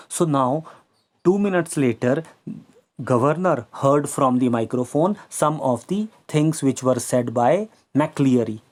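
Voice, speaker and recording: A man's voice: medium pitch, a little mellow. A man teaching a story lesson, patiently explaining and repeating words, now and then slipping into Hindi. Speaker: English teacher.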